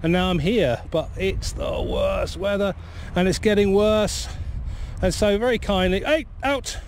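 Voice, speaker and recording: A man's voice: high voice, sing-song, measured pace, a little mellow, slight background noise. A man with a cold, vlogging casually and rambling cheerfully outdoors by a river in bad weather, talking to a camera mic. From Cornwall. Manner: chatty, rambling, easily amused. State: has a cold. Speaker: fishing vlogger. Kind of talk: casual outdoor vlog narration.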